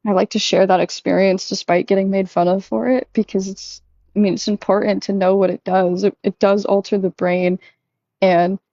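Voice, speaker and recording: A young woman talking casually and candidly to her audience, full of fillers, who jumps up in pitch when she acts out quoted lines. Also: dark tone, no room sound, muffled recording. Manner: chatty, lots of "like", acts out quotes in a higher voice. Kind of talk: casual confessional chat.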